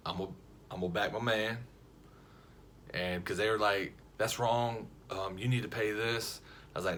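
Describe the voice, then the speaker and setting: A man casually telling a funny story to camera, lively and jokey, acting out the other people's lines as he goes. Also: lowish voice, normal speed, slight background noise. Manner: animated, jokey, frequent restarts and quoted voices.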